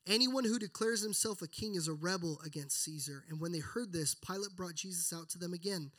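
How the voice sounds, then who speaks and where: A man's voice: high-pitched, a little fast. A man preaching a sermon, speaking earnestly and reading scripture aloud with feeling. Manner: earnest, builds then drops to hushed prayer.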